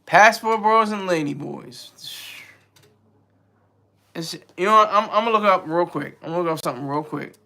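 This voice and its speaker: A man's voice: sits high, moderate pace, gravelly, pauses often, bright, forceful tone. A man hosting a casual livestream, rambling and joking as he answers his chat. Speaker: livestream host.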